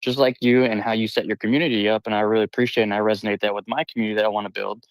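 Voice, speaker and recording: A man's voice: fairly low pitch, little pitch movement, racing, dry recording, poor audio. A man joining a live stream as a guest, friendly and enthusiastic, talking casually in crypto slang.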